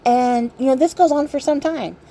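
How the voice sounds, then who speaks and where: A woman vlogger casually retelling a fairy tale, sarcastic and irreverent, swearing freely and filling pauses with ums. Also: high-pitched, mellow, slight background noise. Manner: chatty, many ums and likes. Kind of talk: casual storytelling while crafting.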